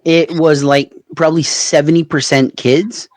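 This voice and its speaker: A man's voice: fairly high pitch, little pitch movement, normal speed, no echo. A man with a Canadian Maritimes accent, co-hosting a podcast and telling a long, rambling anecdote in casual chat, often laughing at his own story. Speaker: podcast co-host.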